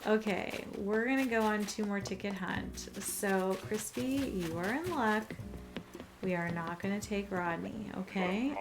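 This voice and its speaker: A woman hosting a casual video game vlog, talking excitedly and chatting straight to her viewers. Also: medium pitch. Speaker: gaming channel host. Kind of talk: casual gameplay commentary. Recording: background game music.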